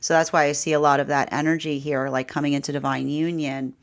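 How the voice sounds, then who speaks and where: A woman's voice: deep voice, little pitch movement, fast talker. A woman giving a live tarot reading, rambling and repeating herself, with frequent "right?" and "like". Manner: laughs often, quoting the energy's voice. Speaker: tarot reader.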